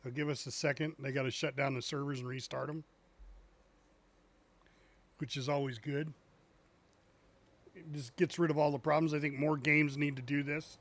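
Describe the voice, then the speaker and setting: A man's voice: a little high, level tone, moderate pace, long pauses. A man streaming a driving game, chatting casually and cracking jokes at his own puns. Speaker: gaming streamer. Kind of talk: casual live gameplay chat.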